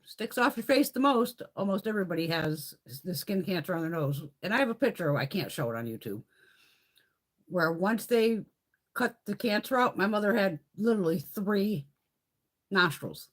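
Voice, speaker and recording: A middle-aged woman with a mid-range voice hosts a beauty livestream at a moderate pace. She's animated, chats casually, swears freely, and answers her live viewers.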